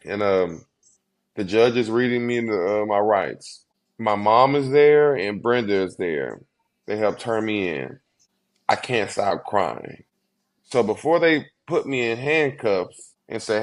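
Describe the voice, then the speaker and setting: Earnest low-voiced man telling his story. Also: lively intonation. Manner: earnest, heartfelt, quick bursts with slow emphatic pauses. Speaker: guest. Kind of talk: emotional storytelling interview.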